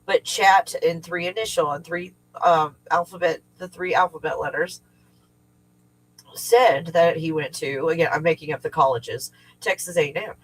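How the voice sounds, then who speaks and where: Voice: mid-range voice, moderate pace, rough recording. A middle-aged livestream host who teaches remote viewing, talking casually and at length, rambling and swearing freely while venting. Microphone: livestream setup.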